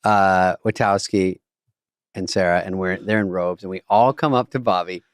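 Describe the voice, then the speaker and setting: A man in a casual podcast chat, lively and laughing as he backs up the story. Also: low voice, normal speed, no room sound.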